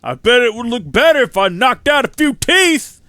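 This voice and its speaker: Male actor as a brash video game thug; loud, menacing, tough-guy bark. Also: very high-pitched, very animated, normal speed, dry recording, voice pushed up, heavily acted. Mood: threatening.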